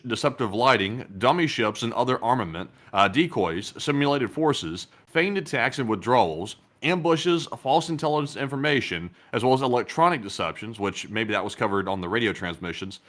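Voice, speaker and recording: A man co-hosting a casual news talk show, measured and hesitant, often pausing on "uh". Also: mid-range voice, fairly bright tone. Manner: hesitant, many "uh" fillers, measured. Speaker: co-host.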